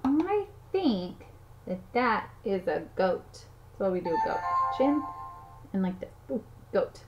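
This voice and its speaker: A woman's voice: medium pitch, very animated, slow, over music. A woman giving a playful lesson to toddlers, counting aloud and making animal sounds in a sing-song way. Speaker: children's teacher. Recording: slightly dull audio, faint noise.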